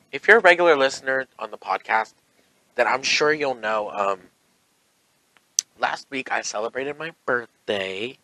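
A man hosting a casual solo podcast, sassy and campy, talking with big excitable swings and then dropping soft and low, sore with heartburn. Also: dry recording, low-quality recording. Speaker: podcast host.

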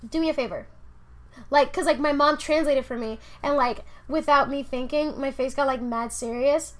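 A young woman in her twenties co-hosting a casual late-night chat, ranting in a profane, animated way. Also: sits high, moderate pace. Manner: animated, profane, laughing rants. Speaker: podcast co-host.

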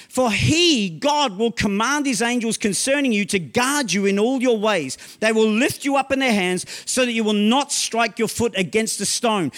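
Man, pastor, very high-pitched voice, emphatic sermon, sudden shouts, slow scripture reading. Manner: emphatic preaching, often asking "right?", slow scripture reading; bursts into loud shouts.

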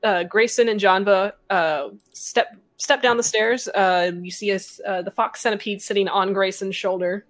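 A woman's voice: mid-range voice, steady tone, moderate pace, hardly any pauses. A woman running a tabletop game as game master, chatty, with many fillers and frequent laughs. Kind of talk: narrating a tabletop game, casual.

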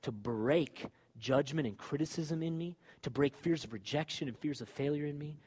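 A man preaching a sermon with fervor, moving from loud exhortation to quiet, confessional talk. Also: on the high side, normal speed, husky.

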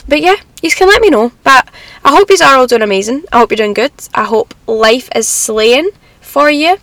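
A woman's voice: high-pitched, animated, normal speed, a bit bright. A young woman with a Scottish accent, chatting casually to her viewers from her car in a rambling, upbeat way. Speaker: vlogger. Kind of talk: casual chat to camera.

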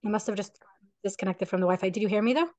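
A woman's voice: medium pitch, very fast, a little mellow, no room sound. A woman co-hosting a parenting podcast, talking in an earnest, reflective way over a video call. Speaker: parenting coach and podcast co-host.

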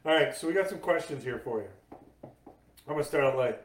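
A man's voice: fairly high pitch, fairly quick, slight background noise. A man hosting a casual interview, telling stories and acting out the voices of people in them. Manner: animated, acts out voices in his stories. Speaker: podcast host. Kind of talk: casual storytelling chat. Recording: echoey room, mic at a distance.

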